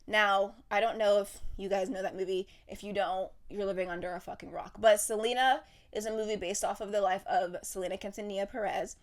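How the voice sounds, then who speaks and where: A woman's voice: mid-range voice, steady tone, a little fast, hardly any pauses. A young woman hosting a podcast, ranting in a heated, profane, casual monologue. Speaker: podcast host.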